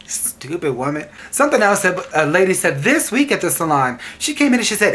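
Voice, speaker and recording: A woman's voice: on the low side, sing-song, normal speed, fairly bright tone. Sassy, exasperated woman hairstylist venting. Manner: sassy, exasperated, laughing storyteller. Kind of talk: venting storytime to camera.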